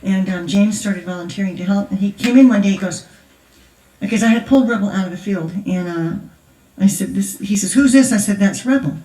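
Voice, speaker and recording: A woman's voice: mid-range voice, a little fast, warm tone, a little hiss or hum. An older woman, a grandmother, speaking at a conference in a chatty, laughing storytelling manner. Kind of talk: storytelling testimony. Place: large church hall. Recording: echoey hall, voice from far off.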